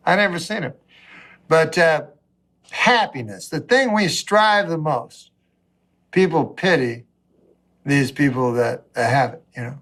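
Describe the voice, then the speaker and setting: Dude doing stand-up, wry and rambling, drops low then jumps up. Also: male voice, animated, measured pace, pauses often, a bit bright. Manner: rambling, wry, swings between low mutters and raised voice. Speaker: stand-up comedian. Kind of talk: stand-up routine.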